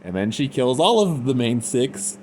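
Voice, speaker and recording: A man's voice: mid-range voice, big pitch swings, moderate pace, darkish tone, a little hiss or hum. A man giving an unscripted, rambling review in casual slang, full of fillers. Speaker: fan fiction reviewer.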